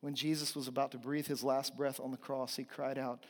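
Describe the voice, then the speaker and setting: A man's voice: mid-range voice, flat delivery, moderate pace, few pauses, long reverb tail. A man preaching a sermon as pastor, earnest and emphatic, building points through repetition.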